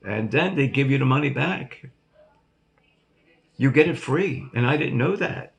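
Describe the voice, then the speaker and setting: A man's voice: medium pitch, animated, measured pace, vocal fry. An older man hosting his own vlog, telling a rambling, jokey story to his viewers and laughing at himself. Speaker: vlog host.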